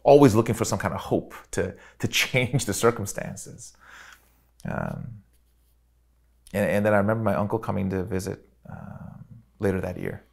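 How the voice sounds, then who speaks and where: A middle-aged man telling a personal story in an interview, earnest and reflective, with frequent pauses and restarts. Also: on the low side, vocal fry. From Chicago, USA.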